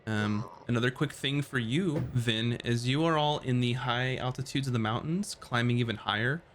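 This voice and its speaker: A man narrating as game master of a tabletop game, describing scenes in a relaxed, rambling way with many fillers. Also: medium pitch, normal speed, slight background noise.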